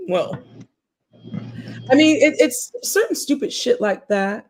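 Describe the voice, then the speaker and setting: A woman co-hosting a casual chat show, talking in a blunt, profane, animated way. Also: a little high, takes it slowly, pauses often. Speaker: podcast co-host.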